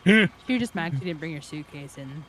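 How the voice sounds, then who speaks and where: A woman's voice: deep voice, animated, fairly quick, crowd noise, poor audio. Wry woman chiming in. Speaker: streamer's friend joining the chat. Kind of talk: casual chat.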